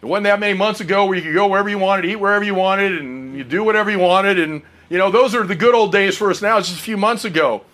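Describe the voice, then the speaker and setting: A man's voice: high-pitched, fast, few pauses, fairly bright tone. A middle-aged man preaching a sermon, earnest and personal, often asking the congregation questions.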